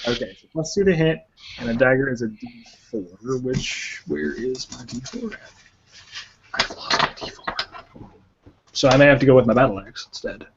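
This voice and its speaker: A man playing at a tabletop game, chatting casually and thinking aloud with pauses. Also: mid-range voice, highs cut off, noisy background. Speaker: player.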